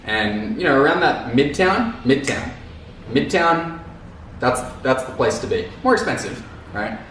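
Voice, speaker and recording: A man's voice: mid-range voice, big pitch swings, a little slow, a bit bright, distant mic. A man vlogging in a loose, rambling way, repeating words and dropping casual slang. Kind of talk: casual talk to camera. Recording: very echoey room, off mic, faint noise.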